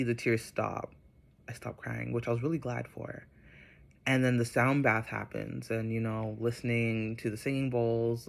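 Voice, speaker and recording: A man vlogging casually, telling a personal spiritual story in a chatty, rambling way with many fillers, turning soft and reflective. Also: mid-range voice, vocal fry.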